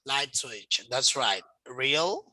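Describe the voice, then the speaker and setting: Male teacher, slow careful delivery, bright tense tone, dry close sound. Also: mid-range voice, expressive, no room sound, poor audio. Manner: slow, patient, explains step by step. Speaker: English teacher. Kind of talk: online one-to-one lesson.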